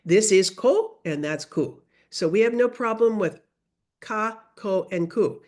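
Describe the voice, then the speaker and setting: A middle-aged woman teaching a beginner Spanish class over a video call, modeling sounds slowly for students to repeat. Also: medium pitch. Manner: lively, drawn-out modeling of sounds for repetition. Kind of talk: online class instruction.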